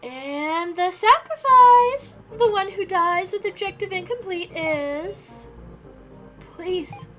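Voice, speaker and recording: A woman's voice: extremely high pitch, expressive, slow pace, faint music behind, voice pushed up, heavily acted. Woman doing a gleeful death-game announcer. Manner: loud, showy, sing-song.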